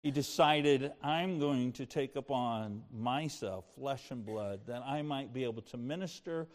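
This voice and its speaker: An older man preaching a sermon as pastor, moving between impassioned preaching and soft, personal storytelling. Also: mid-range voice, a little slow, big-room sound.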